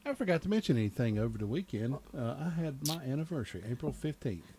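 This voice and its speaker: A man's voice: medium pitch, very animated, fast talker, mellow, a little hiss or hum. A middle-aged man hosting a local morning radio show, chatty and joking. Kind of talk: casual radio chat. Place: radio studio.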